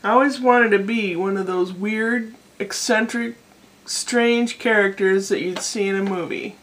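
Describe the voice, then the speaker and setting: A woman's voice: mid-range voice, fairly even intonation, a little slow, a bit bright. Middle-aged American woman, home vlogger, digressive and self-deprecating, recorded on a camera mic. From United States. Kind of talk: casual rambling vlog monologue. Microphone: camera microphone.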